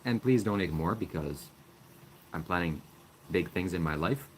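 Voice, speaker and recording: A man's voice: expressive, moderate pace, slight background noise. A man on a comedic livestream playing a sly mock guru who begs for donations. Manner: sly, mock-spiritual sales pitch.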